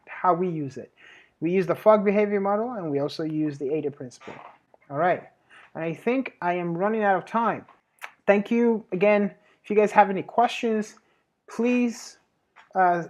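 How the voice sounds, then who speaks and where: Here the voice sits in the mid range and sounds a little mellow. It belongs to a host and web marketing advisor who walks through a laid-back marketing lesson, often restarting and correcting themselves, and who promotes their own services with a laugh.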